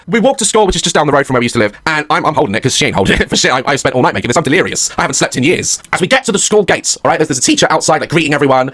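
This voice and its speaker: A man telling a comic story as a rant, animated, swearing and laughing. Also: a little high, racing. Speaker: comedian, podcast host.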